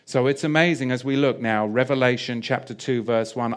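A man's voice: mid-range voice, fairly quick, few pauses. A man preaching a sermon in a chatty, self-deprecating way with jokey asides. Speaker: pastor.

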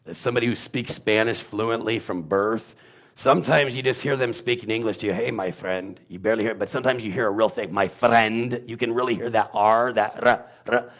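Low-voiced man sounding out letters. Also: fast talker, fairly bright tone. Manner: demonstrative, sounds out letters and syllables, rambling. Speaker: guest explaining Hebrew pronunciation. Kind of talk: casual teaching talk.

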